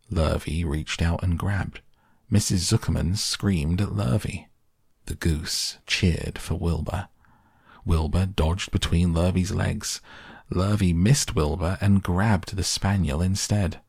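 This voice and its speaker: Slow, deep, gravelly man reading for sleep. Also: no echo, clean studio sound. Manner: slow, soft and even. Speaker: podcast reader. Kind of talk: calm audiobook narration for sleep.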